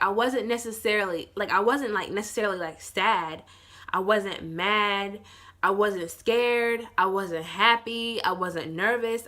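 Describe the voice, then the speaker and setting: Bright-voiced young woman telling a story. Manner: rambling, heavy use of "like", swearing; acts out quoted people in lower, softer voices. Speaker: vlogger. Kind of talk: casual storytime.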